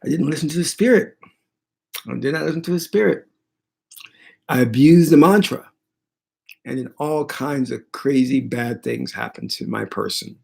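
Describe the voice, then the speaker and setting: A man who teaches spirituality, retelling a personal story in an animated, dramatic way. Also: fairly high pitch, normal speed, vocal fry, pauses often. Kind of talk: storytelling monologue.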